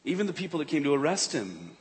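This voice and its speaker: A man preaching a sermon in a church, earnest, swinging between urgent emphasis and hushed tones. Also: on the high side, sing-song, fast. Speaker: pastor. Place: church sanctuary. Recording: long reverb of a church hall.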